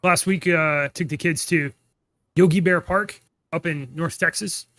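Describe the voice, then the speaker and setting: Man, high voice, casual podcast chat, rambling storyteller, dry sound. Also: a little slow, no echo. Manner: rambling, animated storytelling with laughs. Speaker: podcast co-host.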